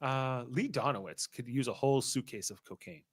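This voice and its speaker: A man hosting a podcast, casually recapping scenes and acting out characters' lines in quick voices. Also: mid-range voice, no room sound. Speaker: podcast host.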